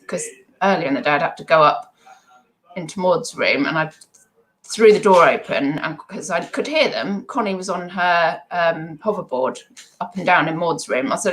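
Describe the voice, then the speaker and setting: A middle-aged woman rambles through a live stream, in a stream-of-consciousness way. Her voice sits a little low for a woman. She is self-deprecating and chatty. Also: animated, moderate pace, slight background noise, low-quality recording. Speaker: eBay seller livestreaming.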